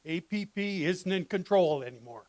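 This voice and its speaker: A man's voice: high voice, animated, normal speed, a little mellow, no room sound, low-quality recording. A man in the audience objecting bluntly to a panel speaker, starting hesitantly. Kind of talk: live panel exchange.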